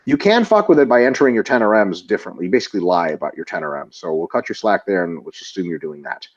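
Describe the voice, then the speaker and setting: A low-voiced man talks through workout plans in a casual webinar, blunt and full of profanity. He counts through sets and reps one step at a time. The audio is dull and lo-fi. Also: animated, fast. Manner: blunt, swears freely, explains training in numbered steps. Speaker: co-host answering viewer questions.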